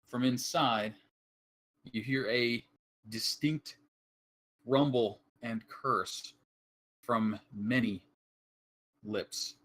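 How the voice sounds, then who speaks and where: A man narrating a tabletop horror campaign as game master, describing scenes with frequent pauses and fillers. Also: medium pitch, a bit bright.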